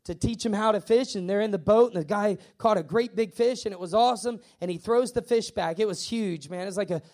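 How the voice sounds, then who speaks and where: A man preaching to his congregation in a high voice. He drives his points home with repetition and emphasis. Now and then he stammers through playful acted asides. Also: brisk, a little mellow. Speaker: pastor. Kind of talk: sermon.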